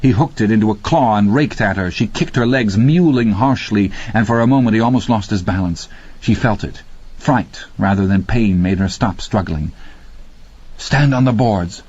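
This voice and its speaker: A man with a husky voice narrating a horror audiobook with slow, dramatic pacing. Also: lowish voice, darkish tone. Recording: dull lo-fi audio.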